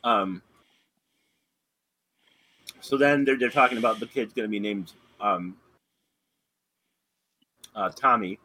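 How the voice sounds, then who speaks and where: A man's voice: on the low side, slow, pauses often, pushed and bright, low-quality recording. A man in casual chat, rambling through a recap with plenty of fillers and self-corrections. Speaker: podcast co-host.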